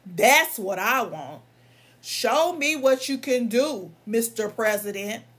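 A woman's voice: a little high, expressive, slow, a bit bright, slightly rough. A young woman, a lawyer and vlogger, ranting in a heated, emphatic and profane way, her voice strained from coughing. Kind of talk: angry ranting monologue.

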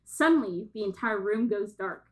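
A woman co-hosting a casual podcast, laughing often and reading show descriptions aloud with dramatic pauses. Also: mid-range voice, lively intonation, rough recording. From American South. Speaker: podcast co-host.

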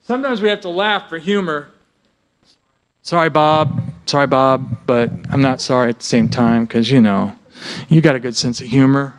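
A man who works as a music therapist, presenting a workshop to a live audience in an animated, joking way, often asking the audience questions. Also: mid-range voice, normal speed. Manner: animated and joking, breaks into sung snippets; asks the audience frequent questions.

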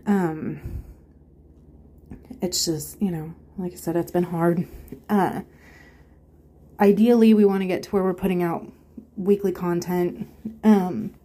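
A woman podcast co-host giving a halting, heartfelt update with many fillers, close to tears. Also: on the low side, mellow, breathy edge. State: emotional, holding back tears.

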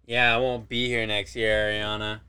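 A teenage boy co-hosting a casual podcast, easygoing and unhurried. He jokes around in plain, relaxed talk. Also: on the low side, smooth. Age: teens. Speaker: podcast co-host. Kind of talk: casual chat.

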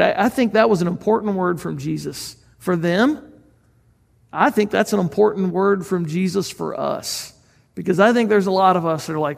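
A man's voice: high-pitched, moderate pace, vocal fry, big-room sound. A man preaching a sermon as pastor, speaking in a conversational, earnest way and asking the listeners questions.

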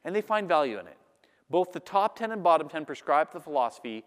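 A man giving a lively talk to a live audience, acting out the voices of the people he describes. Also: a little high, fast. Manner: animated, acts out audience voices. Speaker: public speaker. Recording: long hall reverb.

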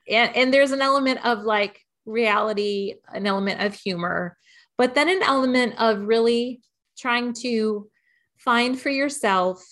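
An early-fifties woman co-hosts a podcast in a frank, thoughtful way. Her voice sits at a middle pitch. She often restarts her sentences as she works through what she wants to say. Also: unhurried, fairly bright tone. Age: 50s. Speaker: podcast co-host. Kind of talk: casual podcast chat.

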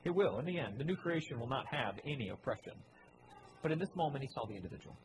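A man preaching a sermon, repeating key phrases, asking the congregation questions, and swinging between loud emphatic lines and low quiet ones. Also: animated, fast talker, noisy background. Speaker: pastor. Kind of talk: sermon with slides.

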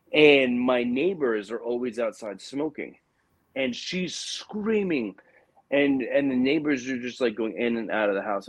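A man's voice: medium pitch, dry recording. Chatty man telling stories, lots of fillers. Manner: animated storyteller, many fillers like "like" and "you know". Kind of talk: casual chat.

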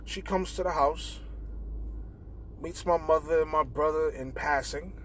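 A man's voice: a little high, measured pace, slight background noise. Young man telling a profane story. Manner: profane, animated retelling with quoted dialogue. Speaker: podcast host. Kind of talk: casual storytelling. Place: in a car.

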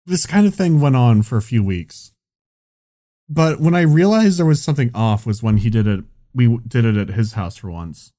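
A man's voice: medium pitch, mellow. A man telling a long casual anecdote, rambling with lots of "like" and swearing. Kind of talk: casual chat.

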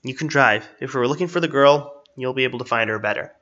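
A man's voice: mid-range voice, fast, pushed and bright, close to an everyday voice. A man voicing a sarcastic, breezy male dimension-hopping guide. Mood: wry. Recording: slightly dull, lo-fi.

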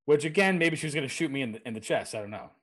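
A young adult man co-hosting a podcast, rambling through anecdotes in a relaxed casual chat with frequent laughs. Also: medium pitch, rapid-fire. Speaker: podcast co-host.

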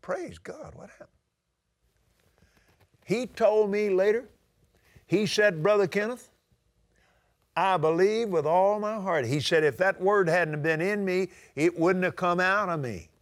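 An older man preaching a sermon in a folksy storytelling way, now and then rising to a shout. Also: sits high, unhurried, pauses often.

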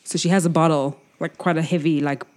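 A woman playing a tabletop role-playing game talks through her move, hesitating and restarting as she goes. Her voice sits a little low. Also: fairly even intonation, fairly quick, a little mellow. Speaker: player. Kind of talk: casual tabletop play.

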